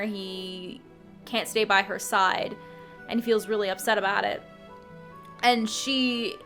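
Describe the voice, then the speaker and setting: A woman's voice: a little high, sharp tone. A woman casually retelling a game's story as a channel host, chatty and full of fillers and restarts. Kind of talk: casual game story recap.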